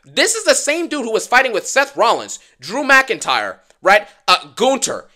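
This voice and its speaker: A man hosting a wrestling review channel, ranting fast and dismissively about last night's show. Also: very high-pitched, wildly swooping pitch, sharp tone. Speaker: wrestling YouTuber.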